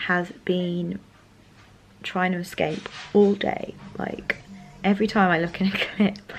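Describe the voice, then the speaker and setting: A young woman chatting casually in a weekly vlog, rambling with lots of "like", sometimes mumbling softly while she eats. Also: mid-range voice, unhurried, vocal fry, roomy sound, low-quality recording. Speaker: vlogger.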